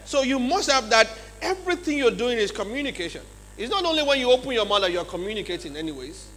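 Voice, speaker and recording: A man with a Nigerian English accent giving a lively leadership seminar talk in a large church hall, often checking in with his audience. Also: extremely high pitch, quick pace, soft background music. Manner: acts out examples in changed voices. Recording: long hall reverb, faint mains hum.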